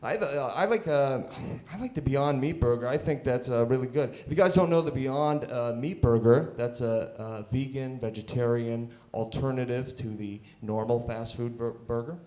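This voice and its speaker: A man doing a live stand-up set in a comedy club, halting, full of uh's and restarts, chuckling at his own jokes. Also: medium pitch, warm tone. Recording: roomy live club sound.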